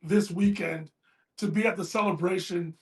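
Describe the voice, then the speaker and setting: A man's voice: high voice, fairly even intonation, moderate pace, darkish tone. A man co-hosting a casual sports talk show, speaking earnestly and from the heart. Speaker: podcast co-host. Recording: roomy echo.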